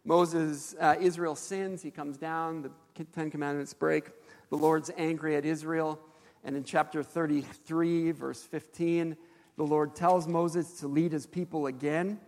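A man preaching a sermon as a pastor, telling stories in an animated way with frequent fillers. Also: a little high, measured pace, big-room sound.

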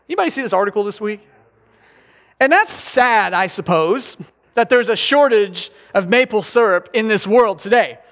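High-voiced pastor, middle-aged, chatty jokey sermon, echoing church hall. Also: male voice, fairly bright tone. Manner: conversational, joking asides to the congregation. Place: church sanctuary.

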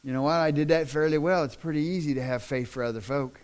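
A middle-aged man preaching a sermon in a folksy, plain-spoken way that swells into loud, impassioned shouting. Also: fairly high pitch, quick pace. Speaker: pastor.

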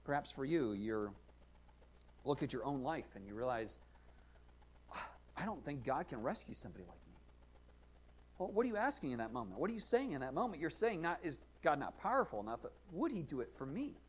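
A man preaching a sermon, earnest and questioning, rising and falling in loudness to stress his points. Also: medium pitch, big pitch swings, fast. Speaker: pastor.

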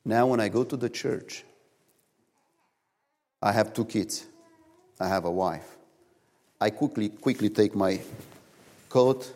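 A man preaching a sermon in a church, telling stories in animated, non-native English, recorded in a reverberant hall. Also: lowish voice, slow pace, pauses often. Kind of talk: sermon with storytelling.

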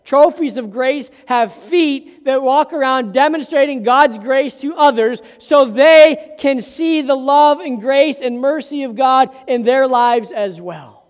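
Slow, deliberate preacher in an echoing hall. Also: high-pitched. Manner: asks the congregation questions and builds to emphatic peaks. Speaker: pastor. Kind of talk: sermon. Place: church sanctuary.

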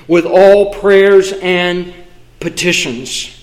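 Male preacher, high-pitched, unhurried, emphatic, with measured pauses. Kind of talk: sermon. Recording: echoey room.

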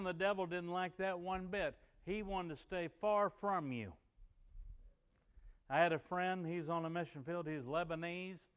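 A middle-aged man preaching a sermon as pastor, moving between folksy storytelling and emphatic bursts of preaching. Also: on the high side.

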